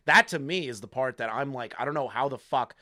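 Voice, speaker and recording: Excitable streamer guy yelling in disbelief, bright sharp voice, dry sound. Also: mid-range voice, brisk, no room sound. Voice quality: excitable, swears, shouts in disbelief. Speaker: streamer host. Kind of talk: reaction stream commentary.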